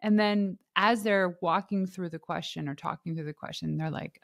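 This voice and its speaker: This is a woman hosting a podcast, talking in an easy conversational way. Her voice sits a little low for a woman. She gets animated and often acts out what other people said, laughing as she goes. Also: moderate pace, creaky, dry recording, clean studio sound. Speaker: podcast host. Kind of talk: casual interview chat.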